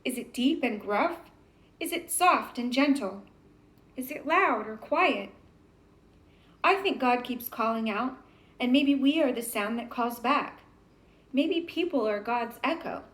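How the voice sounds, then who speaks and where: Woman reading a children's book aloud in a high, gentle voice. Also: expressive, measured pace, pauses often. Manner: gentle storybook reading with questions to the listener.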